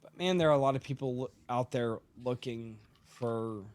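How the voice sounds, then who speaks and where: A man's voice: medium pitch, normal speed, a little mellow, clean tone. A man hosting a casual podcast chat, rambling and swearing freely, a bit tipsy from drinking. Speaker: podcast host.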